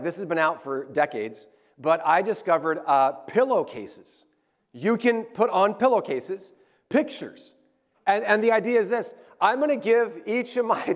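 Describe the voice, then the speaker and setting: A pastor in his forties with a high-pitched voice delivers a sermon in a chatty, animated storytelling way. He acts out the quotes as he talks.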